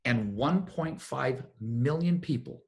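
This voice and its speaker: A man coaching a business team, giving a motivational talk and telling stories in an animated way. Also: mid-range voice, slow pace, vocal fry. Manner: animated storyteller, acts out what others said.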